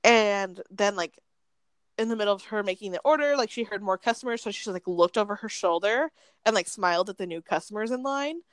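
A woman's voice: mid-range voice, brisk, clear, resonant tone, no echo. A young woman chatting on a podcast, retelling a story with lots of "like" and acted-out quotes. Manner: animated storyteller, heavy use of "like", acts out quotes. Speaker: podcast co-host. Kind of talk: casual podcast chat.

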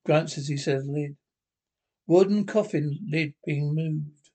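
A man's voice: fairly high pitch, steady tone, takes it slowly, dark tone. A man reading the stage directions of a radio script aloud in a plain, matter-of-fact way.

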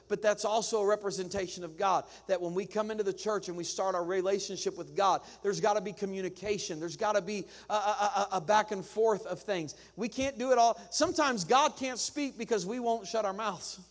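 Pastor, male, high voice, conversational sermon with playful acted quotes; reverberant sanctuary. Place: church sanctuary. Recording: long church reverb.

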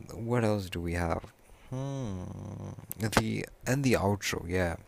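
A man's voice: lowish voice, very slow, gravelly, noisy background. A young man hosting his own podcast, talking in a casual, rambling way and often correcting himself mid-sentence. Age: young adult. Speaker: podcast host. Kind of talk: casual solo podcast talk.

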